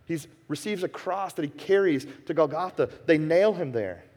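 Impassioned pastor in a reverberant hall. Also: male voice, fairly high pitch, expressive, normal speed. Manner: impassioned, swings from hushed to emphatic. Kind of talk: sermon. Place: church sanctuary. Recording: long reverb of a church hall.

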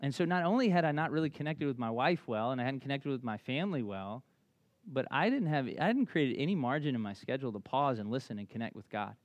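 A man preaching from the pulpit in a frank, conversational way, full of restarts and casual asides. He slows and softens for quiet reflection, and his voice sits in a middle pitch. The sound is dry and close, with little room echo. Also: lively intonation, muffled recording. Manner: candid and conversational, with many restarts and "like". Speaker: pastor. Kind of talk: sermon.

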